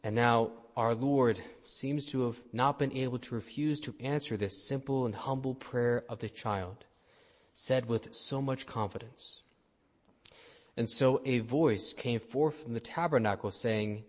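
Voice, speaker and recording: Priest guy preaching, calm storyteller voice, mid pitch, big echoey church. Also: a little slow. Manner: gentle storytelling delivery. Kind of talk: sermon. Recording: long church reverb.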